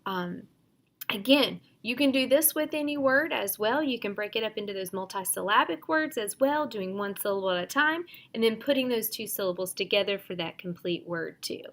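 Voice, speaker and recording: A woman teacher explaining phonics drills in a measured, instructional way, with frequent fillers. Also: medium pitch, animated, fairly bright tone. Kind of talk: instructional lesson, modeling drills.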